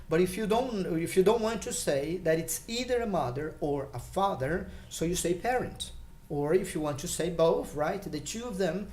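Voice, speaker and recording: A man teaching an English lesson, explaining patiently and thinking aloud as he goes, with each word in a list falling in pitch. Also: a little mellow. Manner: patient and explanatory, lets listed words fall in pitch; thinks aloud with fillers and restarts. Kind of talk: online English lesson for learners.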